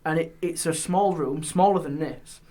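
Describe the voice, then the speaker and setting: A man, a guest on a podcast, telling ghost stories in a lively way and dropping his voice on eerie details. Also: fairly high pitch, normal speed. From England. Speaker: guest, paranormal historian. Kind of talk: casual storytelling. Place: podcast studio.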